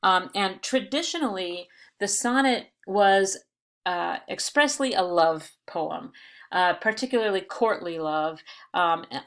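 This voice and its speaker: Bright-voiced woman teaching a recorded lesson. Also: medium pitch. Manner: explains patiently, with frequent fillers and restarts; reads verse with exaggerated stresses. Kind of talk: recorded lecture video.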